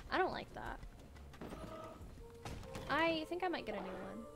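Playing through a game with its music in the background, a young gaming video creator chats casually, swears, and addresses the characters directly. She speaks a little slowly in a high voice with big pitch swings and some vocal fry.

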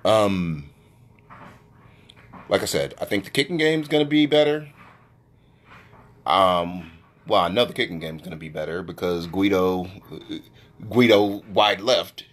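Man, live-stream host, profane brash rant, lively swinging pitch, phone mic. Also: unhurried, pauses often. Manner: profane, brash trash talk, jumps to a high excited pitch.

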